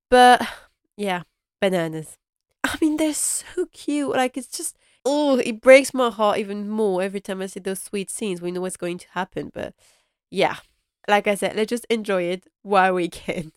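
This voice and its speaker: A woman's voice: medium pitch, normal speed, clean tone, no echo, clean studio sound. A woman casually recapping a period drama episode, gushing and rambling with lots of fillers. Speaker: podcast host.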